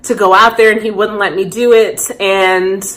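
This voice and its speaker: A woman's voice: mid-range voice, flat delivery, moderate pace, a bit bright. A woman in her thirties talking candidly and reflectively to camera in a personal vlog. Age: 30s. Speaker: vlogger.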